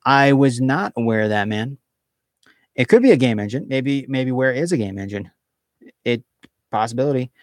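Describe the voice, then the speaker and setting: A male streamer chats casually with his viewers and reads out their comments as he goes. He rambles, restarts his sentences and leans on fillers, at a middling pitch. The sound is dry and close, as from a desk microphone in a small room. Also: animated, moderate pace, pauses often, darkish tone, no room sound.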